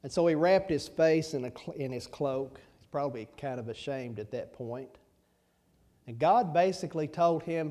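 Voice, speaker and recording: A man's voice: mid-range voice, expressive, measured pace, mellow. A man preaching a sermon in a folksy manner, asking the listeners rhetorical questions and repeating key lines. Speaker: pastor.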